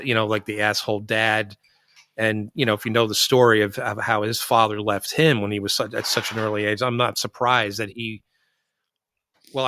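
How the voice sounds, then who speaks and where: Man, podcast host, bright forceful voice, dry close sound, casual rambling film chat. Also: on the low side, no echo. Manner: animated, rambling storyteller.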